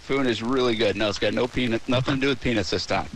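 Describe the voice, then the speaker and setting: A man's voice: mid-range voice, fast, a bit bright, a little hiss or hum. A man hosting a sports radio show in casual chat, talking in a rambling, easygoing way with lots of fillers from outdoors at a ballpark.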